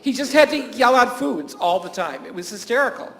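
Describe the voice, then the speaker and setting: A high-pitched man speaking at a professional symposium. He tells classroom and camp stories in a loose, anecdotal way, chuckling often and restarting his sentences. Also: very animated, brisk, a bit bright. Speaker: teacher and camp staff speaker. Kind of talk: conference talk to health professionals.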